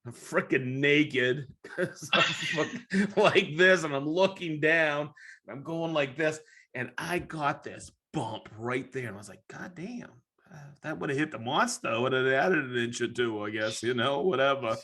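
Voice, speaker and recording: Man, podcast host, bright and forceful, casual storyteller, profane, acts out his reactions. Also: medium pitch, moderate pace.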